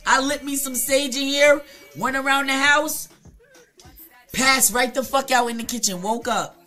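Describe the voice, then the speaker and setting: Woman streamer with a bright edge, unfiltered, swings from hushed to loud, faint music behind. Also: sits high, steady tone, measured pace. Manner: blunt, profane, swings between hushed and loud. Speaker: live streamer. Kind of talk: casual confessional storytelling to chat. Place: home, streaming live.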